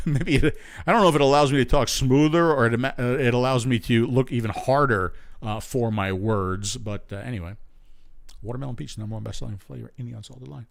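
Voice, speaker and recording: A man's voice: mid-range voice, a little fast, creaky. A man from the United States hosting a live stream in casual, rambling chat, full of fillers and restarts and prone to ranting. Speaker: show host.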